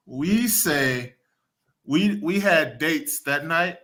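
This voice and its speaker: Very bright-voiced chatty man. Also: fairly high pitch, animated, takes it slowly. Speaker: father on a discussion panel. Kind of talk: casual storytelling.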